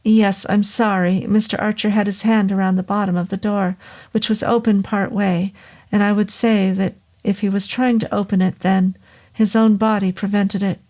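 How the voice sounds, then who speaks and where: A woman voicing a hesitant, apologetic male doctor who rambles, in a slow audiobook reading. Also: high-pitched, little pitch movement, darkish tone, lightly acted. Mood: uneasy. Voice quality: hesitant, halting. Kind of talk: audiobook character voice.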